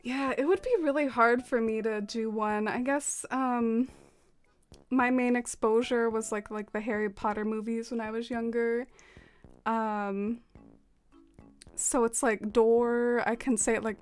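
A woman's voice: on the high side, fairly even intonation, unhurried, clean tone, soft background music. An American woman streaming a game, chatting casually with viewers, giggling often and using lots of fillers. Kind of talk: casual chat reading out chat messages.

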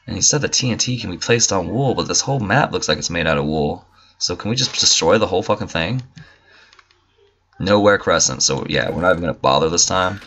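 A man's voice: low voice, a bit bright. A man giving casual, profane, joking let's play commentary and talking back to game characters. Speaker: gamer.

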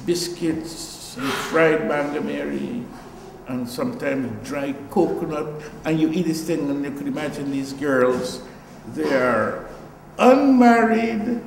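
A man's voice: fairly high pitch, steady tone, unhurried, gravelly, echoey room, big-room sound, background noise. An older man with a Guyanese accent, an artist giving a reflective, storytelling talk about his work in a gallery. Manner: reflective, storytelling, trailing asides.

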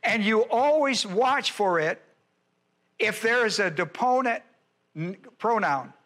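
A male pastor with a high, bright voice teaches scripture point by point. He presses each point hard, repeating phrases and asking whether his listeners follow. It has the steady drive of a classroom-style sermon. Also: takes it slowly. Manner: emphatic, repeats key phrases, quizzes listeners. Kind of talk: verse-by-verse Bible teaching.

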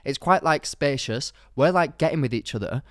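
A young man co-hosting a podcast, telling a story in a rambling, animated way, full of fillers and laughs. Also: mid-range voice, normal speed, no room sound, clean studio sound. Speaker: podcast co-host. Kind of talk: casual storytelling chat.

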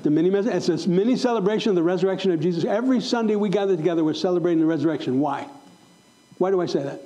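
A man's voice: high voice, racing, warm tone, highs cut off. A middle-aged male pastor preaching a sermon to a church congregation, emphatic and fond of repeating questions to the room. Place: church sanctuary.

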